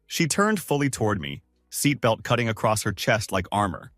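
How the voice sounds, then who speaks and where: A man's voice: fairly low pitch, normal speed, no room sound, clean studio sound, faint music behind. Man narrating a dramatic story. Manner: dramatic, lively first-person storytelling.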